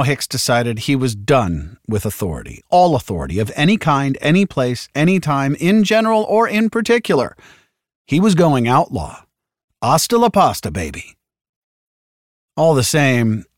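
Lively low-voiced man narrating an audiobook. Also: no room sound, clean studio sound.

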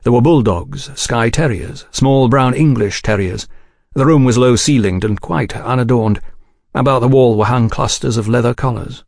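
Man narrating an audiobook, gravelly voice, dry close sound, measured. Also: medium pitch, no room sound. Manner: measured, even reading.

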